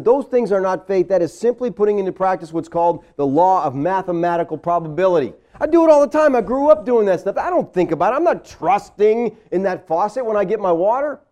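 A male pastor preaches in a loose, conversational way, tossing "all right?" and "okay?" at his listeners. His voice sits high and swings widely, rising and dropping sharply as he plays out the people he quotes. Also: darkish tone. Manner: acts out quoted voices with big pitch swings. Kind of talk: sermon.

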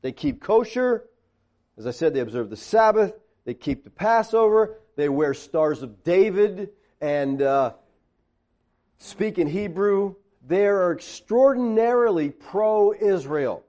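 A man preaching in a conversational teaching style, animated, tossing sarcastic asides and questions to his listeners. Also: sits high, slow pace, highs cut off.

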